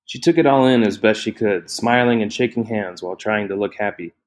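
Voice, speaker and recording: A man with a fairly low voice narrates a novel in an even, measured way. He reads steadily and plainly between the characters' lines. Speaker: audiobook narrator. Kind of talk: scripted narration.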